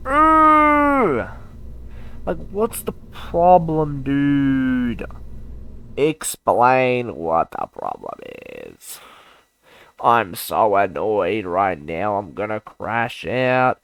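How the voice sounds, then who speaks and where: A man's voice: fairly low pitch, big pitch swings, extremely slow, clean tone, no echo. A man giving live commentary over a space game, talking straight to his viewers, by turns muttering and exclaiming in exasperation. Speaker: gaming YouTuber.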